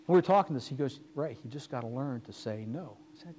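A man's voice: medium pitch, animated, quick pace, hardly any pauses, darkish tone. A man giving a lecture as guest speaker, telling business anecdotes and acting out the dialogue. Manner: storytelling, acting out quoted dialogue. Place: lecture hall.

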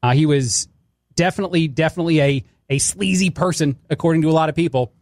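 Male fill-in radio host, higher register, dry studio sound, wry and opinionated. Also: fast, darkish tone, no room sound. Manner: wry, critiques clips as he plays them. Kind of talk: opinionated talk radio commentary.

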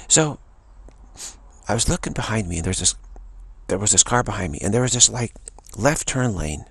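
A man's voice: lowish voice, very animated, normal speed, vocal fry, a bit bright, slightly rough. A man telling a rambling, indignant story in a casual talk. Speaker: spiritual channel host. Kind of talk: casual spoken anecdote.

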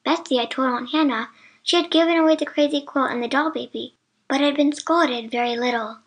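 High-voiced woman reading a storybook. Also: brisk. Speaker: narrator. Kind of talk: scripted storybook narration.

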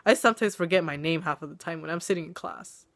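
Young woman vlogging from home, sick croaky voice, giggly and rambling, webcam mic. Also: on the low side, fast talker. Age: young adult. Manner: chatty, self-mocking, giggly. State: sick, voice coming and going. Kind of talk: casual vlog chat. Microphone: webcam or phone camera.

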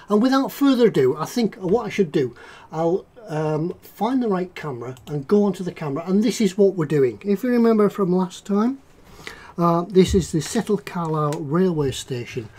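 Man, livestream host, rambling and jokey, warm dark voice. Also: on the high side. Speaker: livestream host, model maker. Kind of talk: casual livestream chat.

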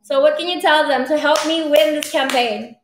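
A woman's voice: sits high, normal speed, slight background noise. A woman with a Filipino accent hosting a casual livestream, chatting bubbly in mixed English and Tagalog and calling out thanks to viewers. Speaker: livestream host. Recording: roomy sound with faint music.

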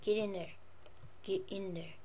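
A woman playing Minecraft and chatting casually, coaxing and fussing over her pet wolves in an excitable voice. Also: medium pitch, measured pace, noisy background. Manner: excitable, jumps between squeals and mutters. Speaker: Minecraft let's player. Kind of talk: casual gameplay commentary.

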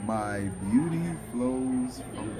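A man's voice: medium pitch, takes it slowly, crowd noise. A man talking casually with laid-back slang. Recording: music playing behind.

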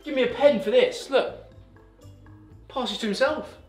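A young man, giving loud, cocky, laughing commentary on his own gameplay as a pro gamer. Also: very high-pitched, measured pace. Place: gaming room in a shared house. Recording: echoey room, faint music behind.

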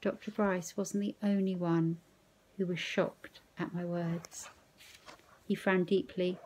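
A woman teacher reading a novel aloud in first person, slow, measured and expressive. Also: lowish voice.

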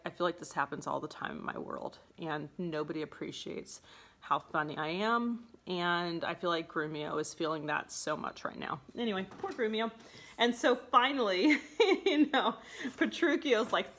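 A woman's voice: fairly low pitch, expressive, moderate pace, fairly bright tone. A woman teacher explaining a play in a chatty way, laughing often and saying "like" and "okay?" a lot. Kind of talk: casual classroom explanation.

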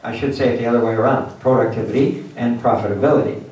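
A man giving a lively motivational lecture at a symposium, acting out little scenes for his audience. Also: medium pitch, fast. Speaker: guest speaker at a symposium. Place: university lecture hall. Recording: echoey hall from far off.

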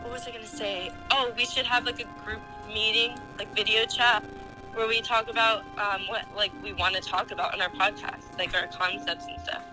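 A woman's voice: mid-range voice, fairly even intonation, moderate pace, music in the background, low-quality recording. A young woman guesting on a call, chatty and hesitant, filling gaps with "like" and "um.". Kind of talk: casual chat.

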